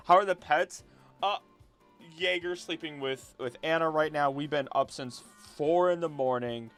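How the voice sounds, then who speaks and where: Chatty man streaming over soft music. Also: on the high side, unhurried. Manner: rambling, chatty, laughs often. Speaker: livestream host. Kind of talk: casual live-stream chat. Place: home room.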